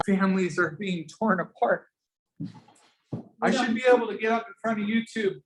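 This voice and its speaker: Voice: medium pitch, normal speed. Pushy fired-up class teacher. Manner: pushy, fired-up, calls on students directly. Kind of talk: lively classroom coaching. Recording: echoey classroom.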